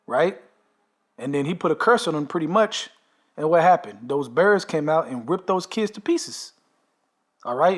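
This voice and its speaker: Guy w a slightly high voice, telling a dream then preaching, says man a lot. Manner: conversational, frequent "man" and "okay" tags. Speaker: video host recounting a dream. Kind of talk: casual dream retelling and preaching.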